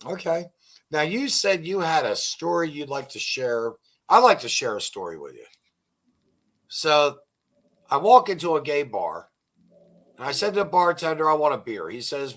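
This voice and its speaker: A man's voice: a little high, big pitch swings, normal speed, pauses often, fairly bright tone. An older man with a slightly raised voice hosts a casual interview. He rambles through jokes and stories, putting on voices for the people in them. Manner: rambling storyteller, acts out joke dialogue. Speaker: podcast host.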